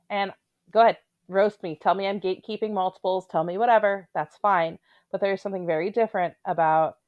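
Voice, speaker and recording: A woman's voice: medium pitch, no room sound, phone-quality sound. A woman giving casual, opinionated commentary on a reality show, with blunt, sarcastic asides.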